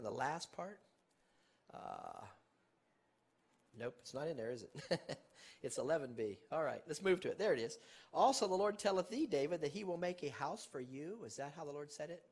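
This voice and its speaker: A man preaching a sermon, his slightly raised, husky voice swooping up and down as he reads scripture aloud. He stresses words with sudden loud bursts and keeps asking his listeners questions. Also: fairly high pitch. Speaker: pastor.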